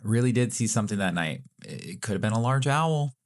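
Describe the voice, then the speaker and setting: A man's voice: lowish voice, expressive, a little fast. A man co-hosting a podcast in a casual, joking, self-deprecating way. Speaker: podcast co-host.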